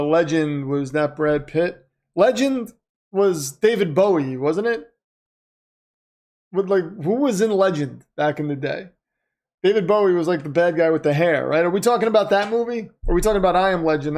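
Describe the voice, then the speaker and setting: His voice is on the high side with a darkish tone, animated and at a normal speed. He's a livestream host reacting to football, calling plays live, reading viewer comments and chatting off-topic in a casual way.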